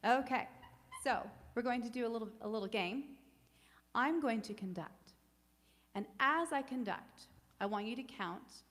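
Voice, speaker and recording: A woman working as a choir director, leading a virtual rehearsal with calm, encouraging instruction. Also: mid-range voice, measured pace, long reverb tail. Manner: calm, gentle guided breathing, then upbeat coaching.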